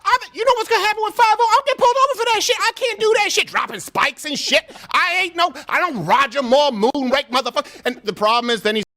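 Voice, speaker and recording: A shrill, brash parody spy. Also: male voice, animated, quick pace, few pauses, pushed and bright, heavily acted. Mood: indignant. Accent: mock African-American Vernacular English. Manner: brash, profane complaining. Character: loud, profane male parody spy, high and brash. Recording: played clip.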